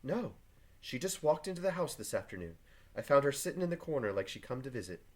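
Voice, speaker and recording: A man voicing Elizabeth Proctor, a reserved farm wife, read quietly and plainly from a play. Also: mid-range voice, sing-song, quick pace. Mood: guarded. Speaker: teacher reading a play aloud. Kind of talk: reading play aloud to a class.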